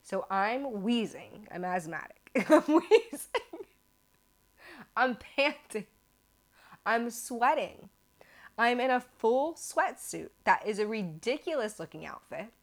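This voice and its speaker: An American woman hosting a podcast, telling a story casually in an animated, self-mocking way that exaggerates for laughs. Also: mid-range voice, measured pace. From United States. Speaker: podcast host.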